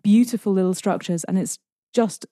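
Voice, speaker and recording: Young British woman, guest on a podcast, enthusiastic, mellow tone, dry sound. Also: mid-range voice, normal speed, no room sound. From Britain. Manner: descriptive, enthusiastic storyteller. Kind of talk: casual podcast conversation.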